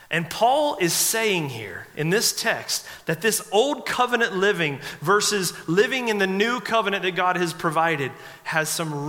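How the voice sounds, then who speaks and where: A pastor in his forties delivers a sermon in a high, bright voice. He tells humorous stories in a chatty, relaxed way. His voice rings out with a long reverb in a church sanctuary. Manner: conversational, humorous storytelling.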